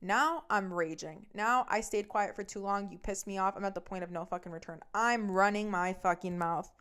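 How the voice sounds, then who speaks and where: A woman hosting her own podcast recounts a personal story, swearing freely and building heat as she goes. Her voice is smooth and clear, sitting at a middle pitch for a woman. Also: a bit bright. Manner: heavy swearing, fast and heated. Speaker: podcast host.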